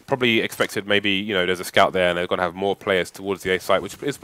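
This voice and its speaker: A man's voice: low-pitched, fairly even intonation, quick pace, bright, forceful tone, clear, resonant tone, dry recording. A man giving analytical color commentary on a competitive shooter match, chatty and explaining positions. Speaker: esports caster. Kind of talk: live game commentary.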